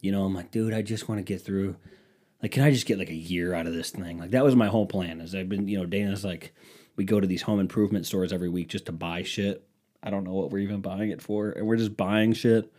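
A man's voice: low voice, steady tone, fast talker, warm tone. A young man hosting a solo podcast, telling rambling, profane stories in a scatterbrained way. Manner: rambling, profane, scatterbrained, mocking voices for quotes. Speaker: podcast host. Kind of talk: casual solo podcast storytelling.

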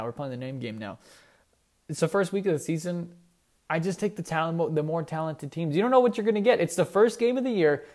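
A man's voice: a little high, a little mellow. A young man hosting a casual sports show, rambling and correcting himself as he talks enthusiastically about college teams. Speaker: sports podcast host.

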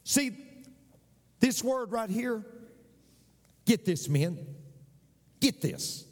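Male pastor, slow and animated sermon delivery, big echoing hall. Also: high voice. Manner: preaching with call-and-response "Amen?" and repeated phrases.

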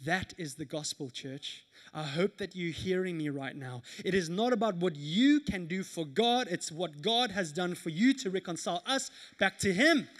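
A man in his thirties preaching a sermon at a church service, telling stories in an animated way with laughter. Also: sits high, normal speed, hardly any pauses. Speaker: pastor.

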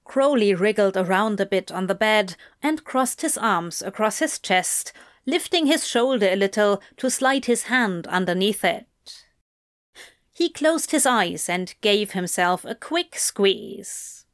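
A woman slowly reading a romantic story aloud in an intimate tone. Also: medium pitch, lively intonation. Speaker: reader. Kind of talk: reading fan fiction aloud.

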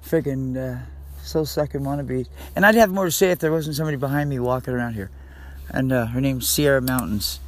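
A man hosting his own podcast, talking in a rambling, scattered, confessional way in a casual monologue. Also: fairly high pitch. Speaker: podcast host. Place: friend's house in the country.

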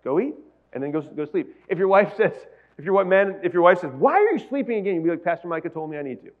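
Pastor guy preaching, high-ish voice, chatty then gets fired up, kinda dull lo-fi sound. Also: very animated, fast. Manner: conversational preaching, builds to emphatic peaks. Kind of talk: sermon.

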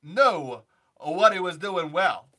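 A man putting on an offbeat older male actor, talking in halting, oddly phrased bursts. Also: high-pitched, expressive, bright, forceful tone, heavily acted. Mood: musing.

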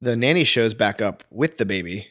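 A wedding photographer co-hosting a casual podcast tells stories with lots of energy, saying "like" constantly. His voice is fairly low and his pace is normal.

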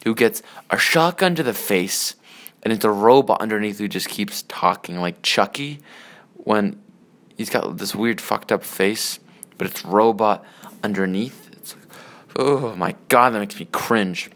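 Profane, excitable man ranting about movies. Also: lowish voice, a little slow. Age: adult. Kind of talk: casual movie rant.

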